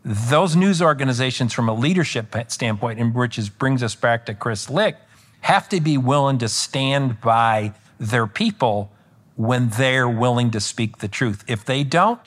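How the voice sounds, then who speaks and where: A man's voice: mid-range voice, a little slow. Rambling male political commentator. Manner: rambling with frequent restarts and self-corrections; animated when recounting exchanges. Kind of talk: conversational podcast interview.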